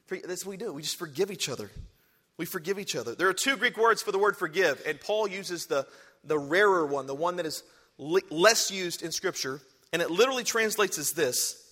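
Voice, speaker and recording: High, bright-voiced pastor in a reverberant church. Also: male voice. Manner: conversational preaching, rising to emphatic exhortation. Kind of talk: sermon. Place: large church with balcony.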